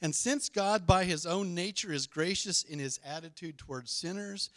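Male pastor, middle-aged, emphatic sermon delivery, slightly high voice, dry sound. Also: a bit bright, dry recording. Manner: emphatic, call-and-response with congregation.

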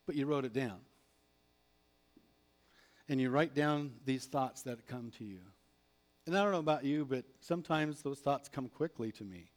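A man preaching a sermon as a pastor, animated, acting out prayers and replies. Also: mid-range voice, normal speed, long pauses.

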